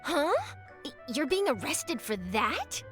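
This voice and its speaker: A woman's voice: high voice, big pitch swings, takes it slowly, exaggerated voice. A woman voicing a nosy, scoop-hungry young female newspaper reporter with theatrical, gossipy asides. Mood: prying. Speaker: journalist. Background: game music.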